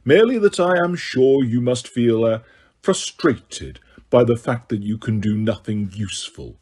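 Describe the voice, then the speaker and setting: A man voicing a cold, sneering male potions master who speaks quietly, slowly and waspishly. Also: medium pitch, lively intonation, husky. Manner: slow, quiet, silky and waspish.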